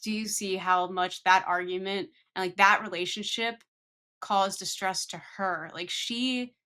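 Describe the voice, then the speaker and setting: A young woman co-hosting a podcast, talking in a measured, thoughtful way in casual chat. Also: mid-range voice, fairly even intonation, bright, forceful tone, smooth. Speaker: podcast co-host.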